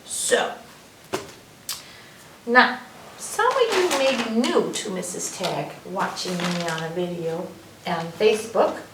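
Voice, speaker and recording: Woman reading to kids, slow and very lively, echoey room, mic far away, faint background noise. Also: fairly low pitch. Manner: animated, questioning the young listeners. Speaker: library story time host. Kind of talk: reading a picture book aloud to children. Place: library room.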